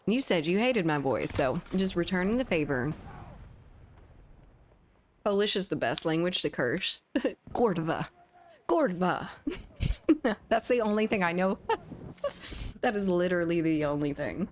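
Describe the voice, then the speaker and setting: Young female streamer, lowish voice, chatty and giggly, close studio mic. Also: animated, unhurried, pauses often, a little hiss or hum. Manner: chatty, giggly, reads chat aloud. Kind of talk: casual gaming livestream chat. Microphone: studio condenser mic.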